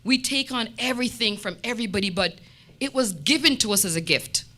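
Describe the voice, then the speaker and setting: A woman sharing a testimony at a church meeting, telling stories with lively quoted dialogue. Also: a little high, brisk. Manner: animated storytelling with quoted dialogue.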